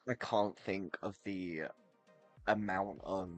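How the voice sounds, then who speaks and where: Low-voiced man swearing on stream. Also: steady tone, takes it slowly, soft background music. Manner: swearing, rambling with restarts. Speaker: streamer reacting to footage. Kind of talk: casual live-stream commentary.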